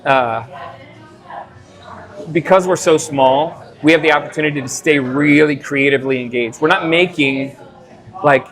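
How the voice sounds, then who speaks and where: A man with an American Midwest accent talks as the owner and head brewer of a small brewery. He tells stories casually and unscripted, his sentences halting and full of fillers and restarts. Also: fairly high pitch, crowd noise. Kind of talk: casual conversational storytelling.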